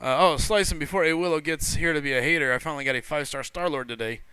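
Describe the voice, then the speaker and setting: A man hosting a gaming livestream, chatting casually as he greets viewers and reads chat messages aloud. His voice is bright and forceful, sits a touch high, and comes across smooth and crisp. He rambles loosely, stumbling over words and correcting himself. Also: fast, no echo. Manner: loose and rambling, with frequent fillers and self-corrections.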